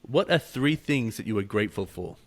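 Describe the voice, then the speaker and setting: A podcast host with a lowish voice speaks fairly quickly in a casual interview chat. He's an animated storyteller who acts out quotes and laughs along the way.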